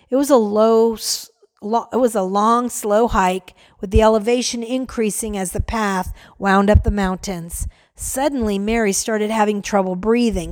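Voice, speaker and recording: A woman narrating a story aloud in a gentle, measured way, lightly voicing the characters. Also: medium pitch.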